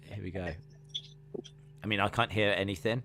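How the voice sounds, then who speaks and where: A man's voice: on the low side, fairly even intonation, normal speed, pushed and bright, soft background music. A playful British man co-hosting a casual podcast chat, slipping into silly voices. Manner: playful, breaks into silly put-on voices and sung lines. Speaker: podcast co-host.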